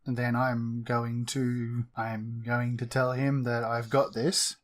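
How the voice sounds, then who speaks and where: A man's voice: mid-range voice, flat delivery, slow pace. A man playing a tabletop game, casually explaining what his character does. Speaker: player.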